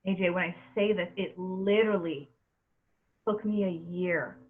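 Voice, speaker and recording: A woman's voice: on the low side, steady tone, measured pace. A woman in her thirties hosting a podcast, speaking earnestly and with emphasis, often repeating words as she talks. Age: 30s. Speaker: podcast host. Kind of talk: casual podcast chat. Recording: tinny phone-like audio.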